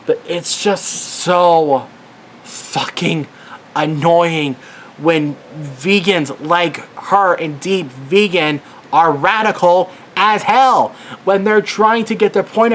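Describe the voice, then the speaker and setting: A man's voice: sits high, takes it slowly, a bit bright, a little hiss or hum. A worked-up man giving an angry commentary rant as a vlogger, swearing and exasperated.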